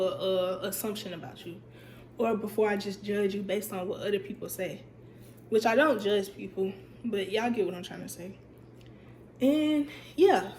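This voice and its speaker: A young woman vlogger with a mid-range voice tells an animated, chatty storytime full of emphatic repetition. Her voice comes across stuffy and intermittently cuts out. It's recorded in an echoey room with a little hiss or hum.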